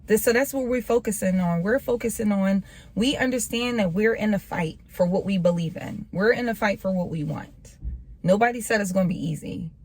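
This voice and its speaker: Woman vlogger, mid-pitched, earnest motivational talk, repeats lines preacher-style. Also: brisk, a little mellow, slightly rough. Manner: earnest, repetitive, preacher-like emphasis. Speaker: faith vlogger. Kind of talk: casual motivational talk to camera.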